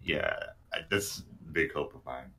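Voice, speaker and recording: A man's voice: rumbling low, a little slow, a crowd in the background. A man co-hosting a casual stream, talking hesitantly with lots of fillers. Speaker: stream co-host.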